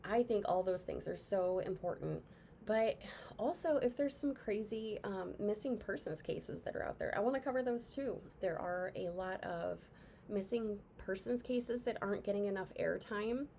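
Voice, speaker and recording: A soft-spoken young woman from Indiana, telling a story in a casual, chatty vlog and sounding a little out of breath. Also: mid-range voice, lively intonation, normal speed, gravelly, slight background noise. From Indiana, USA. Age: young adult. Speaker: vlogger.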